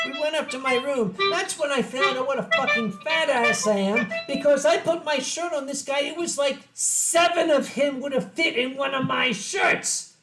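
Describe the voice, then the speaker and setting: A man's voice: very high-pitched, moderate pace, bright, forceful tone, soft background music. A man hosting a drinking stream, telling profane, rambling, self-mocking stories in casual chat. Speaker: host. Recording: echoey room.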